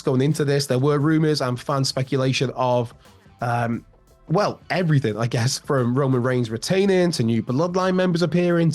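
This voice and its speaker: A man hosting a wrestling news show in a casual, rambling way, with a slightly raspy voice. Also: mid-range voice, darkish tone. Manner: chatty, rambling with fillers and restarts. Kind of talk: online news commentary.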